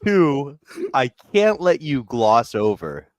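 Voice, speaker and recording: A man's voice: medium pitch, sing-song, slow pace, a little mellow, no room sound. A man co-hosting with dry, teasing banter in casual morning show chat. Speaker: co-host.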